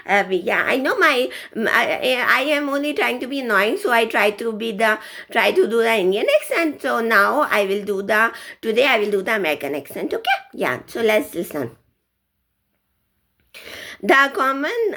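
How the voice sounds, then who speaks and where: A middle-aged woman in a casual vlog monologue, speaking haltingly and often stopping to restart. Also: medium pitch, a bit bright. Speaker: vlogger.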